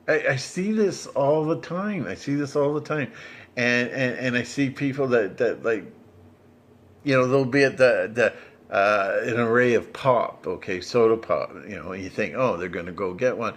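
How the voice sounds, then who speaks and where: A man rambling in a monologue, halting and repeating himself with many restarts. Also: mid-range voice, fairly bright tone. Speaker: vlogger.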